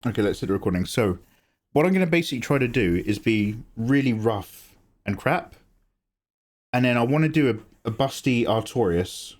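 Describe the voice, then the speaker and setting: A man's voice: medium pitch, moderate pace. A young man casually chatting on an art livestream, theatrical and grumbling, with swearing. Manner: animated, theatrical complaining with swearing.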